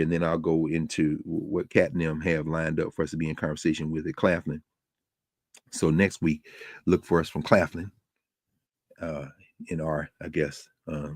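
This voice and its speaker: A man's voice: low voice, a little mellow, dry recording, clean studio sound. A man hosting a podcast, delivering a rhetorical spoken essay with a preacherly cadence. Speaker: podcast host.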